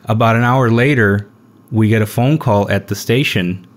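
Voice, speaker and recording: A young man hosting a podcast, telling a story in a relaxed, rambling way with lots of fillers. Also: on the low side, normal speed. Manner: rambling, laid-back storyteller with frequent fillers. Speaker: podcast host. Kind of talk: casual storytelling chat.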